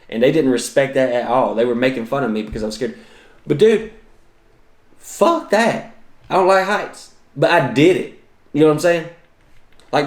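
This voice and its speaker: A man's voice: medium pitch, echoey room. Profane man telling comic stories. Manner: profane, exaggerated, self-mocking. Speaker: podcast host and comedian. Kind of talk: comedic storytelling monologue.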